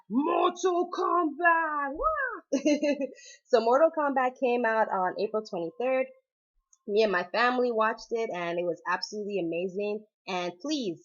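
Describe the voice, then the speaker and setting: A woman's voice: medium pitch, lo-fi sound. Bubbly New woman vlogging. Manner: bubbly, gushing, laughs often, repeats "oh my goodness". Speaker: vlogger reviewing a movie. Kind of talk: excited casual vlog chat.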